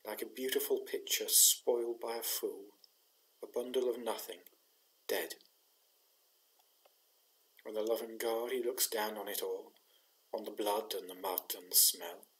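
A disillusioned young soldier pours out his grief in earnest verse, as a man reads him aloud. The voice sits low and is spoken as a poetry reading, not as a full character turn. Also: fairly even intonation, unhurried, pauses often, fairly bright tone, rough recording. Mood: grieving. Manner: earnest, grieving recitation of verse.

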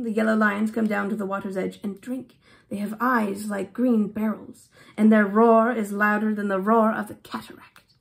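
A small, tender-hearted swallow, as a woman reader puts him on, raised and sweet in tone, with a slight gravelly edge. The affected English-style accent and expressive, pleading lines suit a children's storybook. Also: on the high side. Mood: dreamy. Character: small male swallow, gentle and longing to leave. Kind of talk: storybook reading aloud.

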